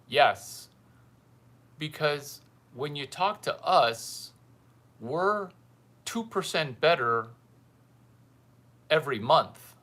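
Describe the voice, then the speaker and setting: A man with a slightly high, bright, forceful voice hosts a casual livestream. He talks slowly and bluntly, teasing his viewers and repeating his lines for comic effect. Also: animated. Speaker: livestream mentor host.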